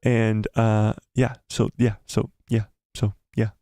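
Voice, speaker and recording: Excitable low-voiced man streaming live. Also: slow, dry recording, studio quality. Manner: excitable, rambling with many fillers and repeats. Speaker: streamer breaking down a trailer. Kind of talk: live casual commentary.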